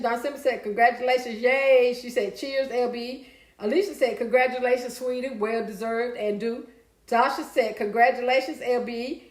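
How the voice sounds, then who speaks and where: A woman with a fairly high voice, recorded in an echoey room, hosts a casual live stream. She reads viewer comments aloud, answers them, and occasionally bursts into song and laughter.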